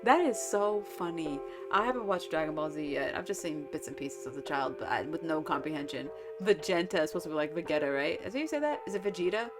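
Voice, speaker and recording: A woman's voice: sits low, animated, fast, hardly any pauses, over music. A woman streaming a visual novel, reading the game text aloud and chatting about it with lots of giggles. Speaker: let's-play streamer.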